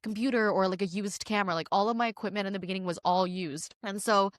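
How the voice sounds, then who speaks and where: A woman's voice: medium pitch, steady tone, fast talker, dry recording, studio quality. A young woman, hosting a podcast and telling a personal story in a casual, rambling way with lots of "like"s. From Canada. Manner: rambling, many "like"s, emphatic and candid. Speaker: podcast host.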